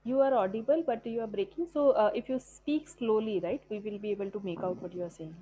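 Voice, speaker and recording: A woman's voice: medium pitch, brisk, mellow, rough recording. A woman, giving a patient, filler-heavy talk in an online group session. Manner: explains patiently with many fillers and tag questions. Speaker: session speaker on business analysis.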